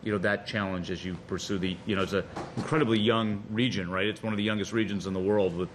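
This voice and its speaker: Low-voiced man asking at a meeting. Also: steady tone, quick pace, a little hiss or hum. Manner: conversational, hesitant, repeats words. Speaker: board member. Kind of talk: board meeting discussion.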